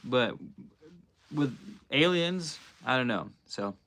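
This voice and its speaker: A man's voice: mid-range voice, animated, takes it slowly, fairly bright tone. Slangy man hosting a livestream. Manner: loose and slangy, musing aloud. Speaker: livestream host. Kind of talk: casual livestream chat.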